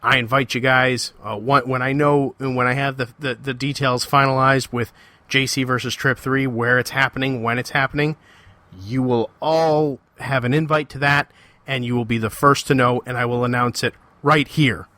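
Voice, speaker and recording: Bright-voiced man ranting on his podcast. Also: medium pitch, fairly even intonation, moderate pace, no echo. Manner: heated, confrontational ranting; repetitive, emphatic phrasing. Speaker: podcast host. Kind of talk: solo podcast monologue.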